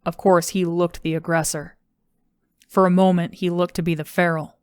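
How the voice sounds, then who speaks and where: A woman reading an audiobook in a steady, even narration. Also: on the low side, normal speed, clean tone, no echo, clean studio sound. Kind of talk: scripted narration.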